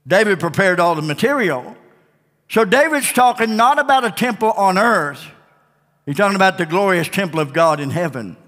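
Pastor guy preaching slow and bright, lots of repeating and whooping, big echoey church. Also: high-pitched. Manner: emphatic, repetitive preaching with whooping exclamations. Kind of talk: Sunday night sermon.

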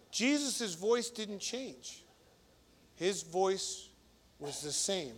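A man's voice: high voice, animated, takes it slowly, a bit bright, a little hiss or hum. A man preaching a sermon as a priest, conversational and emphatic, with frequent repetitions and restarts.

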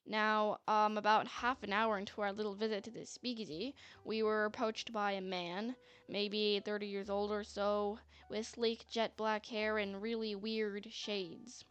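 A woman's voice: mid-range voice, level tone, a little slow, few pauses, a bit bright, clear, resonant tone, no echo. A woman narrating a story in a chatty manner, with sarcastic asides. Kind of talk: scripted narration. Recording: faint music bed.

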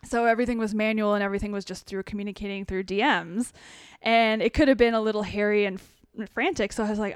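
A middle-aged woman telling her story as a podcast guest, animated and expressive, sometimes emotional. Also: mid-range voice, a little fast, clear, resonant tone, no room sound, clean studio sound. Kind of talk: casual storytelling.

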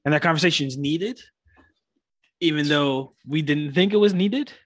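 A man with a slightly raised pitch chatting about movies with a friend. He is enthusiastic and keeps reenacting scenes as he talks. The recording is dry and close-miked. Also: normal speed, no echo. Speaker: podcast co-host. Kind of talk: casual chat.

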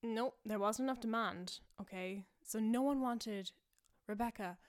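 A woman's voice: on the high side, a little slow. Rambling, self-amused woman podcaster. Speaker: podcast host. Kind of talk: casual comedic rambling.

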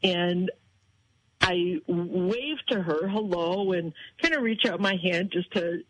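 A woman tells stories in a lively, animated way on a radio broadcast. Her pitch leaps up whenever she quotes other people, then settles back into easy chat. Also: slow pace, noisy background. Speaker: guest. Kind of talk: casual chat.

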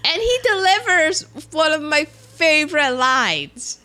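Woman retelling a movie scene slow and lively, bright sharp tone, laughs a lot. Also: high voice. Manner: animated storytelling, acts out quoted lines, laughs often. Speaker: co-host recapping a film. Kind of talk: casual chat.

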